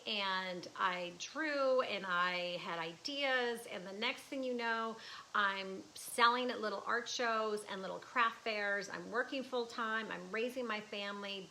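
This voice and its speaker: Broadcasting live from her studio, a fifty-something artist talks in a casual, emotional way, punctuated by laughter and false starts. Her voice sits at medium pitch with a sharp edge, and the rough recording has a little hiss or hum.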